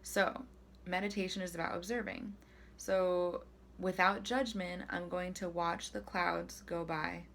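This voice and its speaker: A young woman vlogging in a casual, chatty way, her voice sitting a little low for a woman. She talks loosely and pokes fun at herself, with plenty of fillers. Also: steady tone, unhurried, creaky, a bit bright, slight background noise. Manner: chatty and self-deprecating, with frequent fillers. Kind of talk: casual self-help talk to camera.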